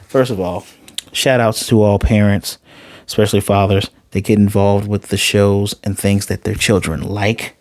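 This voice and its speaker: A man recapping an anime episode in casual talk, animated and quick to slip into quoted voices. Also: on the low side, no room sound. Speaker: anime reviewer.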